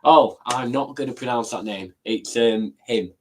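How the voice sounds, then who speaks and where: Excitable male guest calling the match. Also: mid-range voice. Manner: excitable, quick match calls mixed with chat. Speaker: guest co-commentator. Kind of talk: casual live match commentary.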